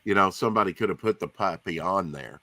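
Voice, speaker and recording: A man hosting a casual stream, relaxed and teasing, rambling as he talks. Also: deep voice, fast, no echo. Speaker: host.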